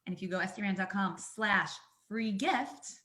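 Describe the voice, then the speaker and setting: A woman and mother of young children, a guest on a talk show, explaining ideas with energetic, emphatic storytelling. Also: mid-range voice, moderate pace. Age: adult, mother of young children. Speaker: guest, coach.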